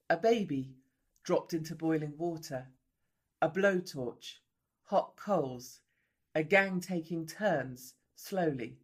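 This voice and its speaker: A woman reporter giving grave, emphatic scripted documentary narration. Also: low-pitched. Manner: grave, emphatic, measured delivery.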